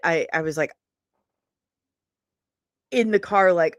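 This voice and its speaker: A woman's voice: fairly low pitch, slow, pauses often, dry recording, studio quality. A woman hosting a livestream in a rambling, chatty way, tired after a long day of travel and laughing often. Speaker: livestream host. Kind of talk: casual chatty stream talk.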